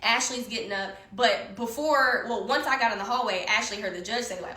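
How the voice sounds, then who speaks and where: A woman telling a story in casual conversation, animated and heated, swearing often, recorded in an echoey room. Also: on the high side, brisk, few pauses. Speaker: guest storyteller.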